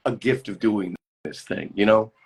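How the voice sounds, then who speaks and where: A man's voice: lowish voice, moderate pace, husky. A man, an actor, chatting casually as a guest on a live phone call, telling stories in a rambling way with many restarts.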